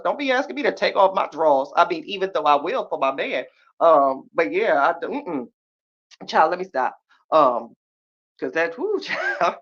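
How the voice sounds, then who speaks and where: A woman hosting a podcast in casual live-stream chat, talking with sass, drawn-out exclamations and frequent laughter as she reacts to viewers. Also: medium pitch. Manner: sassy, animated, laughs often; drawn-out exclamations and slangy asides. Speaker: podcast host. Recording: slightly muffled lo-fi sound.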